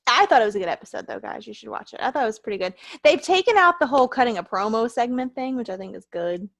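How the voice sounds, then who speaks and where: A woman co-hosting a podcast in casual chat, telling stories in an animated, gushing way. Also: a little high, fast talker. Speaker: podcast co-host. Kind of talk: casual chat about wrestling.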